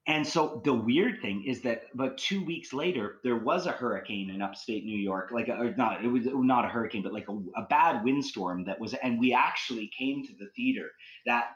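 A man's voice: medium pitch, moderate pace, few pauses, highs cut off. A man telling ghost stories as a podcast guest, rambling with many likes and restarts. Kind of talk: casual storytelling.

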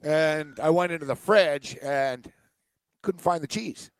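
A man's voice: a little high, takes it slowly, clear, resonant tone, no room sound. A man co-hosting a sports radio show, telling a long, rambling story full of ums and uhs. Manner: rambling storyteller, many fillers and restarts. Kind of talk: casual sports radio banter.

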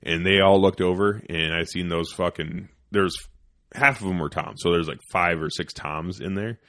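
A man hosting a podcast, telling a hunting story in casual chat, profane and animated, dropping into whispers for quoted lines. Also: low voice, moderate pace, dry recording, studio quality. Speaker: podcast host.

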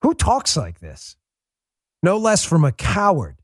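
A man from New York City hosting a podcast, delivering a heated, sarcastic political monologue that rises into shouts. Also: sits high, wildly swooping pitch, takes it slowly, dry recording, clean studio sound. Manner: combative, sarcastic, rising to shouts. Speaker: podcast host.

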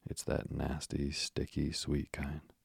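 A man's voice: extremely low pitch, completely flat delivery, slow pace, vocal fry, breathy edge, no room sound, clean studio sound, heavily acted. A man voicing a proud, pompous father who blusters and sulks like a child. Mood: blustering. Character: pompous proud father, sulking over medicine.

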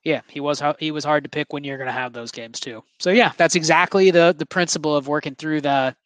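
A man co-hosting a podcast, explaining his reasoning in a measured, casual way. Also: a little high, fairly even intonation, fairly bright tone, no echo. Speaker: podcast co-host. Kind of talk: casual fantasy football chat.

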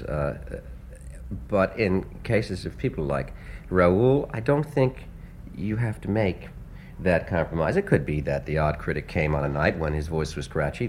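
A man, a composer being interviewed, speaking earnestly in a hesitant way with many pauses and restarts. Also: a bass voice, a little hiss or hum. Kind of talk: casual interview talk.

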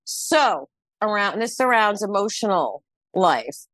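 A woman's voice: mid-range voice, slow, no room sound. An American woman in her fifties, a guest and tarot reader, chatting casually and acting out quotes with frequent laughs. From United States. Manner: animated storyteller who acts out quotes and laughs often. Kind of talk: casual podcast conversation.

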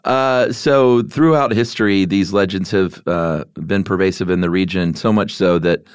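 A man with a very deep, smooth, resonant voice, co-hosting a podcast. He talks in an easygoing, self-deprecating way, with plenty of hesitant fillers. The recording is close and dry. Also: normal speed, no room sound. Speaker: podcast co-host. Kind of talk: casual podcast chat.

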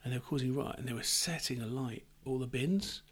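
A man's voice: mid-range voice, brisk, husky. A middle-aged man chatting casually, telling rambling anecdotes with restarts and laughter. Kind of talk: casual chat.

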